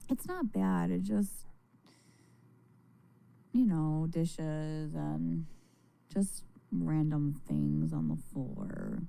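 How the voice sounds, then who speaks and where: A tired woman chats with her viewers on a livestream, rambling along in an unhurried way. Her voice is low, warm and gravelly, and her pitch swings a lot as she goes. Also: very animated. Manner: rambling, chatty, frank. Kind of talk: casual livestream chat.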